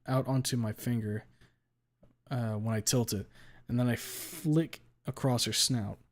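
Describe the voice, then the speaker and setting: A man reading a first-person story aloud with a blunt, deadpan delivery and casual swearing. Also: mid-range voice. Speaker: story reader.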